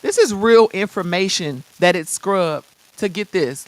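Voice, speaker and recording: A woman hosting a live-streamed software tutorial. She chats casually in slang and talks straight to her viewers. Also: mid-range voice, unhurried, no echo. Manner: lively, chatty, addresses viewers directly. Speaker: host.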